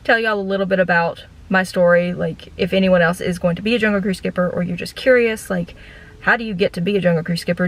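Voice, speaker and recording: Woman in her 30s, deadpan storyteller, rambly car vlog chat, filler-heavy. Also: mid-range voice, rough recording. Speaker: vlogger and former theme park ride guide.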